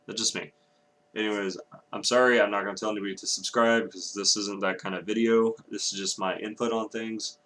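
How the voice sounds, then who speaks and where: A man's voice: fairly low pitch, steady tone, a little fast, pushed and bright. A young man from Texas ranting angrily in a vlog, swearing often and breaking off to apologize. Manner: angry, profane ranting with apologetic asides. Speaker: vlogger.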